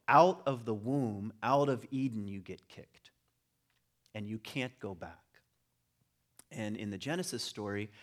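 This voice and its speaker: A middle-aged man giving an informal talk on religion to a group, conversational and rising into animated emphasis. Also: lowish voice. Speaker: speaker on religion and home.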